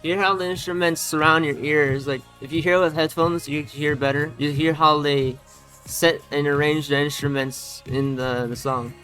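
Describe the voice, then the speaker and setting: A man giving a casual, animated rant about a song's production, often repeating himself as he points out sounds in the track. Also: fairly high pitch, moderate pace. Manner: animated, repetitive, talks over playing song. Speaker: music reaction youtuber. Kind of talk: casual ranting commentary over music. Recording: music under the voice. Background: music playing.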